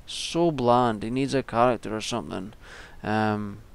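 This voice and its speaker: Rambling young man with gravelly voice. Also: lowish voice, a little slow. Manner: rambling, frequent ums and restarts. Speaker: wrestling vlogger. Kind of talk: casual solo commentary.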